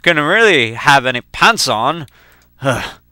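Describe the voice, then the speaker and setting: A young man rambling through profane, animated personal anecdotes while playing a video game. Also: mid-range voice, slow pace, smooth, no room sound. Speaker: let's play gamer. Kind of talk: casual storytelling while gaming.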